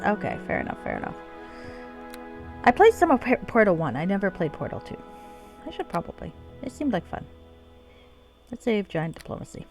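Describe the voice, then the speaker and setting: Chatty lady streamer playing an old rpg, animated voice, quiet music. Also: fairly low pitch, brisk, long pauses. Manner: chatty, reads dialogue aloud, laughs easily. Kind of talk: casual game commentary and reading.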